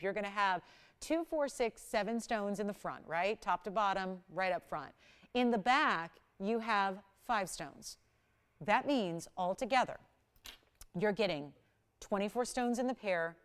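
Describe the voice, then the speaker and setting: A woman hosting a live TV shopping show, pitching jewelry with eager, urgent persuasion. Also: smooth. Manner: enthusiastic, persuasive, urgent selling. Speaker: TV shopping host. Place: TV studio.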